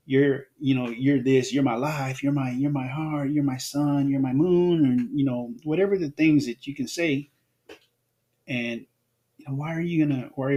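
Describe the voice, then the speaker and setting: A man hosting an unscripted solo podcast, talking in a rambling way and often restarting his phrases. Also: medium pitch. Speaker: podcast host.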